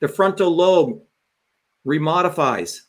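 A man's voice: on the high side, animated, takes it slowly. A man hosting a livestream as a political candidate, delivering a fiery rant full of profanity.

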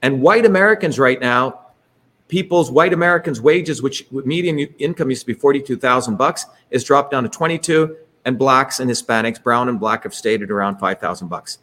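A man's voice: mid-range voice, brisk, a bit bright. A man presenting to an audience in a rambling, emphatic way, full of digressions and tag questions. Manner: emphatic, digressive, keeps asking "right?" and inserting "by the way". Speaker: presenter leading an online talk.

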